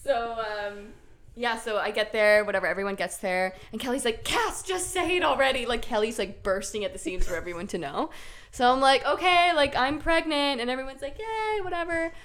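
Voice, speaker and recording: A young woman co-hosting a casual chat, talking in a relaxed way with many fillers. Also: a little high, brisk. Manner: relaxed, many yeahs and ums.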